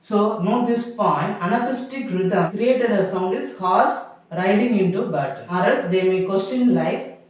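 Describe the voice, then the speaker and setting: High-pitched guy teaching a class slow, says everything twice, mic far away. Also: lo-fi sound. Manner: slow, repeats each point twice, non-native grammar. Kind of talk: classroom lecture. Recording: roomy echo, mic far off.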